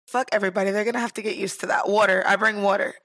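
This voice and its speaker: A woman's voice: medium pitch, very fast. A woman from Central Florida with its accent, co-hosting a podcast in casual chat and telling stories with lots of laughter and swearing. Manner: animated storyteller, laughs often, swears freely. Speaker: podcast co-host.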